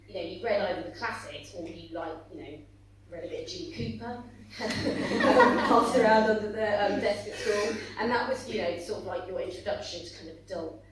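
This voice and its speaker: A woman author answering on a conference panel in a lowish voice. She rambles with lots of fillers and sounds close to tears as she apologizes. She is heard from a distance in a very echoey hall with a faint hum.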